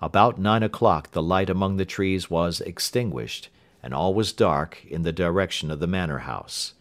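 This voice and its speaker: A man narrating a classic detective story as an audiobook, steady and expressive. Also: deep voice, moderate pace.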